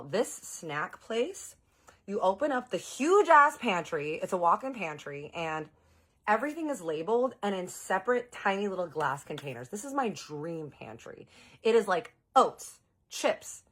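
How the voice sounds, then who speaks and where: A woman telling a story casually to her audience, animated and chatty, jumping into exaggerated quoted voices. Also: mid-range voice, normal speed, husky.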